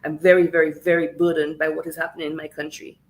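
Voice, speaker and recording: A woman's voice: low-pitched, level tone, fast, rough recording. A woman from Saint Lucia, tearful and earnest, giving an impassioned livestream address and repeating phrases for emphasis. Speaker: livestream host speaking on politics. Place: home in Canada.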